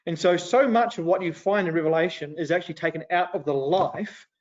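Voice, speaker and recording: Man teaching an animated Bible class. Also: a little high, fairly quick. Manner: animated and conversational, with dramatized retelling. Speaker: Sunday school teacher. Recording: dull lo-fi recording.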